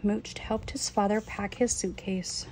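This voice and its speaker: Woman reading a kids book out loud, soft mellow voice, bit of background hiss. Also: medium pitch, fairly even intonation, unhurried, poor audio. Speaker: reader. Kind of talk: reading a children's picture book aloud.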